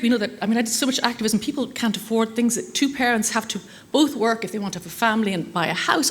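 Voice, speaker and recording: Fast-talking woman. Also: fairly high pitch. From Ireland. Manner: chatty, anecdotal, self-deprecating humor. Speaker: conference speaker. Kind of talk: conference talk. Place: conference hall.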